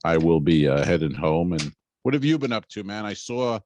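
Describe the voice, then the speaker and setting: A man's voice: low-pitched, big pitch swings, moderate pace, a little mellow, a little hiss or hum. A middle-aged man co-hosting a comedy podcast, telling rambling stories and acting out what people said. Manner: rambling anecdotes, acts out quotes. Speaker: podcast co-host. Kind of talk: casual comedic storytelling.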